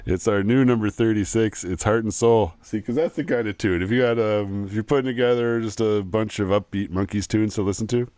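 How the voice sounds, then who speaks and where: A man's voice: fairly low pitch, fairly even intonation, fairly quick, few pauses, darkish tone, smooth, no room sound. A man co-hosting a podcast, chatting casually about songs, laid-back and chuckling as he gives opinions. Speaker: podcast co-host. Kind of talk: casual music chat.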